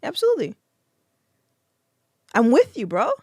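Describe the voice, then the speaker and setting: A woman's voice: medium pitch, lively intonation, normal speed, no echo. A woman co-hosting a relationship podcast in casual chat, teasing her husband with dry ribbing and frequent laughs. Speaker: podcast co-host.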